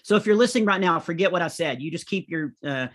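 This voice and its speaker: Middle-aged male comedian, lively anecdotal delivery, slightly high-pitched voice. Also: quick pace. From United States. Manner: animated anecdotal storytelling. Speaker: comedian and author guest. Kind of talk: conversational interview.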